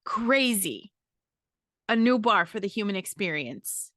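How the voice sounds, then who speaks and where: A woman's voice: mid-range voice, sing-song, measured pace, a bit bright, dry recording, clean studio sound. Podcast host, woman, 30s, blunt and profane, vivid ringing tone. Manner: emphatic, profane, keeps asking "okay?". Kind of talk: casual monologue.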